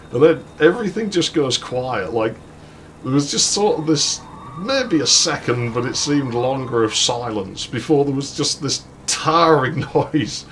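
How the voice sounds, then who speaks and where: A man's voice: medium pitch, a bit bright, a little hiss or hum. A man casually telling a long rambling story while playing a game, swearing freely and chuckling between lines. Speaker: let's play host.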